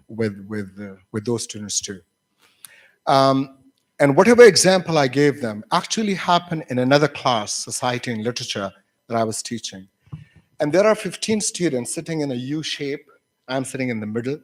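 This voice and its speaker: A man lecturing university teachers, telling classroom stories with many fillers and restarts and acting out his students' voices. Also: mid-range voice. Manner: acts out students' voices when quoting.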